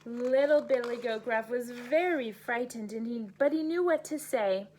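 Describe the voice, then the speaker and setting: A woman teacher reading a bedtime story aloud to children, gentle and unhurried, sounding out the story's noises. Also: on the high side, a little hiss or hum.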